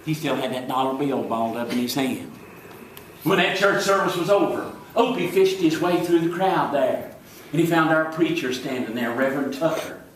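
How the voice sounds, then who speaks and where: A man playing an excitable, boastful small-town deputy with a Southern accent, rambling and fumbling for words in a live stage comedy monologue. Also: medium pitch, a little hiss or hum, close to an everyday voice. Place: stage before an audience. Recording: echoey hall, from far off.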